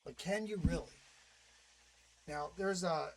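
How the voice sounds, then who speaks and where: Man, high voice, wry, chatty, rambling asides, casual monologue. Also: takes it slowly, poor audio. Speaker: vlogger playing a demon narrator.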